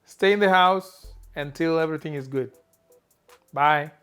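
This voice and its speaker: A man teaching a language lesson, saying each phrase slowly and repeating it clearly. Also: fairly high pitch, fairly bright tone, soft background music. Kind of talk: slow spoken language lesson.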